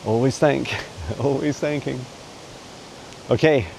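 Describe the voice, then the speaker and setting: A man answering viewer questions as a psychic mentor in a casual vlog. He talks in a meandering, chatty way with frequent soft laughs, recorded on a handheld phone camera while walking a dog in a forest. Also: medium pitch, a little slow, pauses often, a little hiss or hum, rough recording. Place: forest outdoors.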